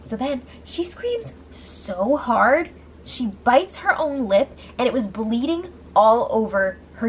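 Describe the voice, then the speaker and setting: Excitable young woman recapping a show. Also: high-pitched. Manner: excitable, laughs a lot. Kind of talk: casual reality-show recap.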